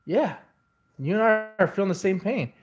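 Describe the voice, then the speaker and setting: A man voicing a tired woman neighbor who complains in a halting, hesitant way. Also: medium pitch, animated, pitched above the performer's own voice, lightly acted. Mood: complaining.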